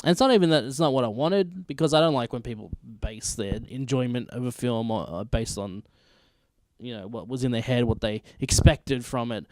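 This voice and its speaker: A man's voice: mid-range voice, normal speed, darkish tone, no room sound. A man hosting his own video, ranking films in a blunt, emphatic, profane casual rant. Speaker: vlog host ranking films.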